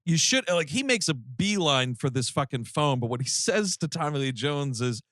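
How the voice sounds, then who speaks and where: A man's voice: on the high side, expressive, normal speed, hardly any pauses, fairly bright tone, no echo, clean studio sound. A man co-hosting a comedy podcast, in casual chat, ranting in mock outrage and swearing freely. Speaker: podcast co-host.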